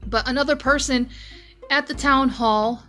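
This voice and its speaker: A woman's voice: sits high, fairly even intonation, unhurried, sharp tone, faint music behind. Profane woman ranting on her podcast. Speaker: podcast host. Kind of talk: news commentary podcast.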